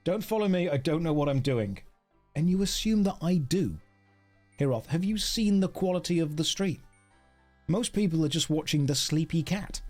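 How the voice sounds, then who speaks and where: A man's voice: fairly high pitch, animated, normal speed, a little mellow, faint music behind. Brief: joking male game streamer, light upper voice, chatty with his audience. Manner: playful, joking, chatty with chat. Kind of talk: casual game stream chat with viewers.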